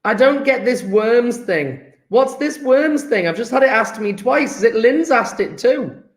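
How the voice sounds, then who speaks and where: A man with a high, light voice runs a live online lesson, joking with his students as he calls the register. He talks at an unhurried pace. The sound is roomy, with a noticeable echo. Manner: chatty, joking, takes register and reads out student chat. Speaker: teacher.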